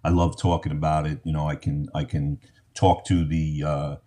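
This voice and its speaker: A man who is a podcast guest, telling anecdotes in casual interview talk with an animated, storytelling manner. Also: extremely low pitch, normal speed.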